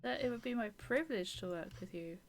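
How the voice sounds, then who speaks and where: Woman voicing a deferential young job-seeking dad, formal, respectful, slightly gravelly, a touch high. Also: lively intonation, quick pace. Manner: formal, respectful, ends lines with "sir".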